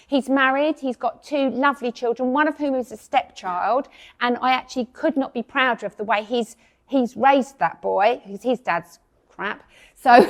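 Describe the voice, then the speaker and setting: Woman, 50s, from England; event speaker, chatty and self-mocking, quick to laugh, slightly high voice. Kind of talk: personal speech to an audience.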